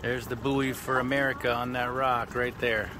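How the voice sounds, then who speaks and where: A middle-aged man giving relaxed, chatty tour-guide commentary for a family travel vlog, recorded outdoors on a handheld camera. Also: medium pitch, moderate pace, noisy background. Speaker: family vlogger. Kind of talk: casual travel vlog narration. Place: outdoors on a lake and trails.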